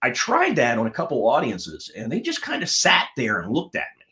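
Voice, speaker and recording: A middle-aged man telling stories as a guest in a casual interview. His pitch swings widely from line to line, and his delivery is animated. He sounds like a working comedian and ventriloquist. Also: fairly quick.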